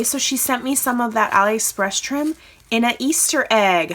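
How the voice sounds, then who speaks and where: A woman's voice: a little high, moderate pace, fairly bright tone, slight background noise. Gushing chatty woman unboxing crafts. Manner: gushing, chatty, lots of fillers. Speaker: craft channel host. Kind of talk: casual unboxing chat. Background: crinkling paper and clicks from handling mail.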